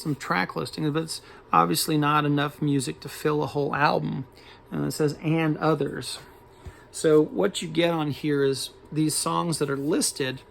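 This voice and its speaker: A man's voice: fairly high pitch, gravelly, fairly bright tone, a little hiss or hum. A man talking casually through a record haul, hesitant and full of ums and uhs, keen on odd finds. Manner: enthusiastic about odd records. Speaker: record collector showing a haul.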